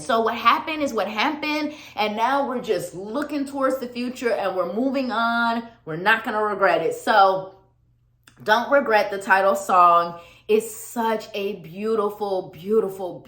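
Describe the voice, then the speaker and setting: A woman vlogging an album review, gushing and animated, often laughing and repeating words for emphasis. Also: mid-range voice. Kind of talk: casual excited vlog talk. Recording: echoey room.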